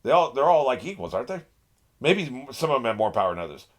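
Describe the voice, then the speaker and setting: Excitable man talking back at the screen. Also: medium pitch, quick pace. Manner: excitable, talks back to the screen, laughs often, swears. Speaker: reaction channel host. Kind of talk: casual anime reaction commentary.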